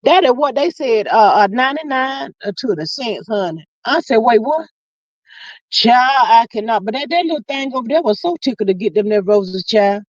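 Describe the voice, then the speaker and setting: A woman hosting a casual livestream, reading viewer comments aloud and telling stories with big pitch swings, drawn-out exclamations and frequent laughter. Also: animated, no echo. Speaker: livestream host. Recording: dull lo-fi, dry sound.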